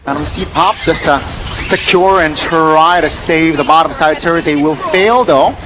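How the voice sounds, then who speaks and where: A man's voice: a little high, background noise. A man doing play-by-play esports commentary, calling the action with dramatic build-ups. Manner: rapid hype calls, dramatic build-ups.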